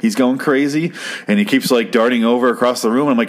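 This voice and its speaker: A young man recapping a TV episode in a casual, rambling, profane commentary, getting excited as he goes. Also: mid-range voice, fast talker. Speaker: show host.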